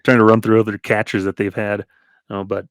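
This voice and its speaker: A man's voice: on the low side, little pitch movement, brisk, no echo, studio quality. A man co-hosting a casual sports podcast, reeling off statistics and chuckling often. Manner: reels off stats, chuckles often. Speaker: podcast co-host.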